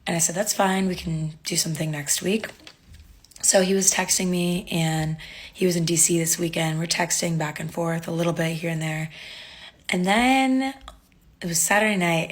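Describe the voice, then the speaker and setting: A woman's voice: on the low side, husky. A young woman casually telling a dating story to camera, wry and exasperated, reading out the texts she got.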